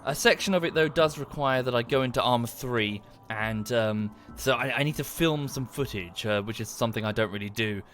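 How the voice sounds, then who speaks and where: A man's voice: medium pitch, a little fast, few pauses, fairly bright tone, soft background music. A man chatting casually to viewers during a livestream, rambling and thanking them as he goes.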